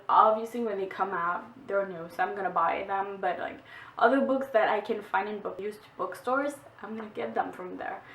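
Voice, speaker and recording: This young booktuber from Quebec, Canada, speaks English with a Québécois French accent, French being her first language. Her mid-range voice is a bit bright, and she chats casually through a book haul vlog, saying "like" a lot. The room is echoey, the mic is distant, and there's slight background noise.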